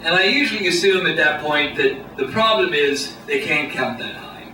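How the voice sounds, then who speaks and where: A man doing a stand-up comedy set on a small club stage, with a deadpan, halting delivery full of pauses. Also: on the high side. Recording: echoey room, distant mic, noisy. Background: audience laughter.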